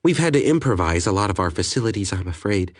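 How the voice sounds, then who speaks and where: A man's voice: fairly low pitch, big pitch swings, no echo, studio quality. A male narrator voicing a blunt, cheerful ship's doctor in an audiobook. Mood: matter-of-fact. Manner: brusque then quick and apologetic.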